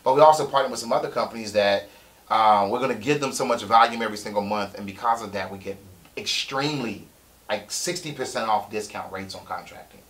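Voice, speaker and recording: A middle-aged man, coaching on a live stream, excitable, repeating key points for emphasis. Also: lowish voice, a little fast. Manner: breaks into loud shouting impressions. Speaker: real estate coach. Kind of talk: live-stream sales pitch.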